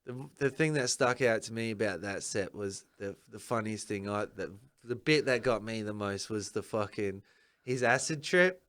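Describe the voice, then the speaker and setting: A man's voice: fairly low pitch, moderate pace, fairly bright tone. A young man co-hosting a podcast in easygoing, sweary casual chat. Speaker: podcast co-host.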